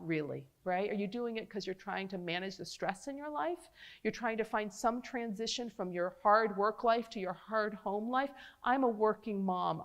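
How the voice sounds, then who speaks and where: A middle-aged woman doctor giving an animated public health talk, chatting directly with her audience. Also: mid-range voice. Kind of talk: lively public health lecture.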